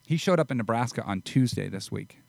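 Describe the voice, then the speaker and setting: A man hosting a casual conversation, talking in a relaxed way with frequent ums. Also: mid-range voice, a little fast, creaky, dry recording. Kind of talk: casual chat.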